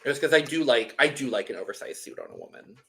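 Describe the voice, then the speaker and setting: A man's voice: mid-range voice, huge pitch swings, quick pace, vocal fry, fairly bright tone. A man co-hosting a podcast, chatting casually in a rambling way with many restarts. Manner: chatty, lots of likes and restarts. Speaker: podcast co-host. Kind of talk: casual recap chat.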